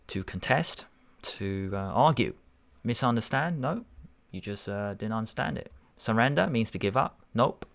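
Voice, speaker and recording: A man's voice: fairly low pitch, lively intonation, gravelly. A man tutoring, working through a verbal reasoning test paper aloud and musing over each answer. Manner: musing, unhurried, self-correcting.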